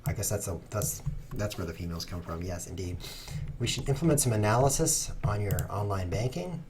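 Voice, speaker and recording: Background noise runs under this man's fairly low, expressive voice as he comments on his chess game at a fairly quick clip. He's a livestream host, rambling casually and teasing with playful sarcasm at his computer.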